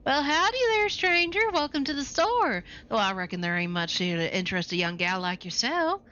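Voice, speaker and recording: A folksy old cowboy with a slow, drawling way of talking and a wistful streak, as a woman puts him on. The voice rides high and bright. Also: sing-song, highs cut off.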